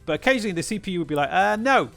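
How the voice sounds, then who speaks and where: A man's voice: a little high, expressive, very fast, a bit bright, faint music behind. A man hosting a gaming channel, ranting in an exasperated way with frequent swearing and rhetorical questions. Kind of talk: ranting game commentary.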